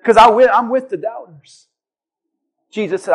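A man with a very high voice preaches to his church. He swings between shouting and dropping to a near hush. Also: normal speed. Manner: swings between shouting acted disciples and soft hushed assurance. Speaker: pastor. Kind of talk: sermon.

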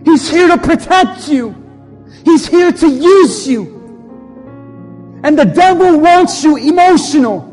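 Man, pastor, impassioned altar call, very high voice, long church reverb, faint music under. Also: animated, takes it slowly, long pauses, a little mellow. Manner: impassioned, repetitive preaching cadence. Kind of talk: altar-call sermon and led prayer. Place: church sanctuary.

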